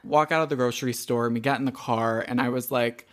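An animated young man spinning a story on a casual podcast, his voice at a middling pitch. He talks loosely, peppering it with fillers and the odd curse. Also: fast talker. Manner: animated, swears freely, lots of fillers. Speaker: podcast co-host.

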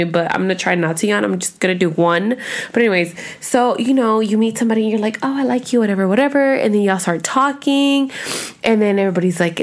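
Chatty young woman hosting a podcast. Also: medium pitch. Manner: rambling, chatty, cusses a lot. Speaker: podcast host. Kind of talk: casual chat.

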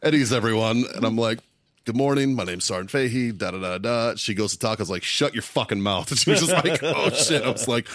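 A man in his thirties telling barracks stories on a podcast, profane and animated, often breaking into laughter. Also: mid-range voice, quick pace, no echo. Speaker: podcast co-host. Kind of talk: casual storytelling.

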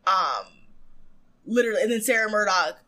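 A woman with a bright, forward voice tells a story in relaxed conversation. She swears offhandedly and keeps the chat flowing. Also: mid-range voice, normal speed, low-quality recording. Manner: chatty storytelling, swears casually. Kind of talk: casual chat recapping a TV moment.

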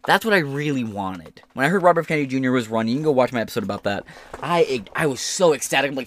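A man hosting a podcast, giving casual commentary in swearing, animated rants. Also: mid-range voice, rapid-fire. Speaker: podcast host.

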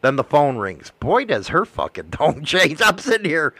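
High, lively, profane blunt man. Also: slow, slightly rough, no echo. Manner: blunt, heavily profane ranting. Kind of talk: casual chat.

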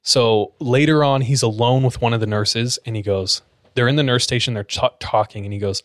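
A man's voice: mid-range voice, fairly even intonation, normal speed, hardly any pauses, dry recording. A man telling a creepy story to friends in a casual, suspenseful way with plenty of fillers, close to the mic. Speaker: podcast storyteller.

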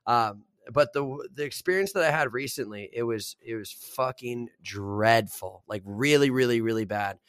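A man's voice: mid-range voice, normal speed, few pauses, clear, resonant tone, no echo, studio quality. A man in his twenties, a podcast co-host, telling stories in casual chat with plenty of swearing. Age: 20s. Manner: swears a lot, animated storytelling.

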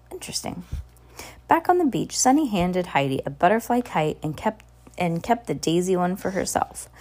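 A woman reading a children's chapter book aloud with expressive, animated storytelling. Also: on the low side. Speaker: storybook reader.

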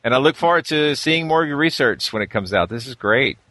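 A man's voice: medium pitch, lively intonation, brisk, pushed and bright, no room sound. A man co-hosting a podcast, chatting casually and joking with laughs. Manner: jokey, laughs often. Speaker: podcast co-host. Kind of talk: casual chat.

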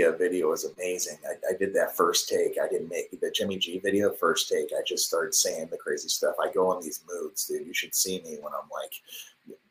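A man talking into a desk mic in his home office, live streaming a rambling, boastful monologue that swings between loud swearing and hushed whispers. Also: extremely low pitch, steady tone, normal speed, a little hiss or hum, poor audio.

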